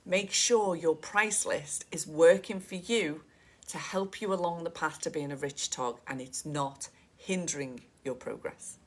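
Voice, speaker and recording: A woman's voice: sits low, unhurried. A middle-aged woman giving a chatty, direct coaching talk to photographers and calling them "guys".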